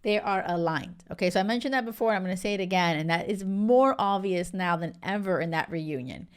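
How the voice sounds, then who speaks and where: Animated woman gushing in a vlog. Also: fairly low pitch, a little fast, smooth. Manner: animated and emphatic, lots of filler words. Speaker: vlogger. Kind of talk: casual reality TV recap.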